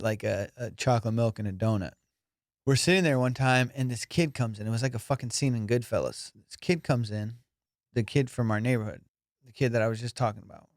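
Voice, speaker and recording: A young adult man, a comedian and podcast host, telling stories in a loose casual way, swearing a lot and jumping into high, squeaky voices whenever he quotes himself or others. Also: dry recording, studio quality. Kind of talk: casual storytelling.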